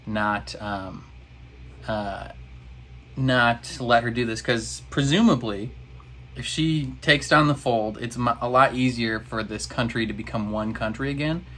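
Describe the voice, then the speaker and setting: A man's voice: medium pitch, a little slow, fairly bright tone, slight background noise. Rambling man recapping a show. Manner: rambling and exasperated. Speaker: reaction video host. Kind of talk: casual episode recap.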